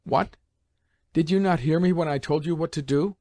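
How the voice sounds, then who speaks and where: A man's voice: medium pitch, normal speed, a little mellow, no room sound, studio quality, close to an everyday voice. A man reading an audiobook, voicing a stern, reproachful elderly grandmother who stresses each word. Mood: indignant. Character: stern, tearful aristocratic grandmother, elderly woman. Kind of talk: audiobook character voice.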